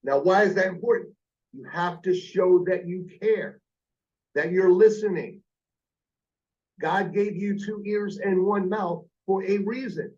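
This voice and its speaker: A man coaching a team of phone sales agents. His voice sits a little high, and he drives his points home by repeating them. The sound is slightly muffled and lo-fi. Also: unhurried, darkish tone. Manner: emphatic, repeats key points. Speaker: sales trainer. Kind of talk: coaching a call-center team.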